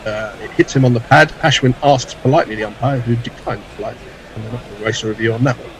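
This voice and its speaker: A man's voice: mid-range voice, very fast, soft background music, low-quality recording. A man calling live cricket ball by ball, with dry, wry asides between deliveries.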